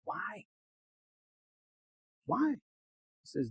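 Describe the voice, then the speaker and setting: A man's voice: high-pitched, big pitch swings, moderate pace, gravelly, slightly rough, no room sound, poor audio. A man giving a casual tarot reading, preachy and blunt, swearing often and dropping in Spanish slang words. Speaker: tarot reader.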